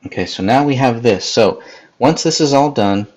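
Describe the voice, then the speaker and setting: A man's voice: mid-range voice, expressive, moderate pace, a little mellow, a little hiss or hum, rough recording. A man hosting a live editing tutorial, casually talking viewers through each step and speaking to people in the live chat. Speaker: podcast host.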